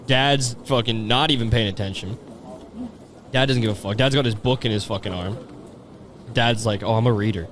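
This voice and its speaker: A man's voice: mid-range voice, a bit bright, a little hiss or hum. A man hosting a podcast, riffing on a video in rambling, profane, sardonic casual commentary. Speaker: podcast host.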